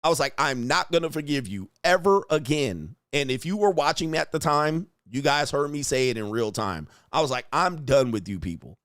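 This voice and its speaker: A middle-aged man hosting a livestream, ranting in a profane, animated way with slang and frequent laughs. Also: a little high, normal speed, few pauses, no room sound, studio quality. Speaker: livestream host answering superchats. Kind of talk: casual livestream rant.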